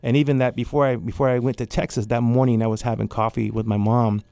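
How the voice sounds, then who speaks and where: Guest, man in his fifties, gravelly and mellow-toned, rambles through stories and plays the other voices himself. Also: mid-range voice, little pitch movement, fast, no echo. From Central Valley, California. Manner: rambling, acts out quoted dialogue, frequent restarts. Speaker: guest, artist and art teacher. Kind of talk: casual storytelling interview.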